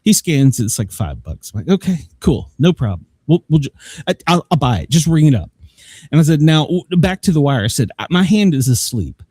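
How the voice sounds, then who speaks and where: A man's voice: fairly high pitch, sing-song, brisk, darkish tone, husky, dry recording. A man hosting a live show, telling a long rambling story with plenty of laughs and swearing, acting out both sides of each conversation. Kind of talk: casual storytelling.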